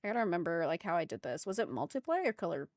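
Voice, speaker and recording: A woman's voice: lowish voice, sing-song, racing, no room sound, clean studio sound. A woman streamer chatting casually with her viewers while drawing emotes, giggling often and calling out exclamations. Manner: giggly and exclamatory, talks to chat.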